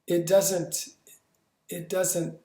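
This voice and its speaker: Animated man teaching in an echoey room. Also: high voice, extremely slow. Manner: demonstrative, acts out sounds and movements; stammering restarts, animated emphasis. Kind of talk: instructional lesson.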